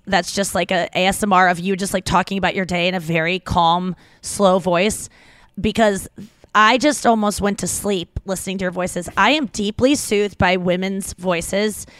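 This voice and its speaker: An excitable woman hosts a podcast, rambling from one thought to the next with crude humor and quick laughs. Her voice sits in a middle range and sounds dry and close on the microphone, with no room around it. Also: medium pitch, clear, resonant tone, dry recording. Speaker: podcast host. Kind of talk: casual podcast chat.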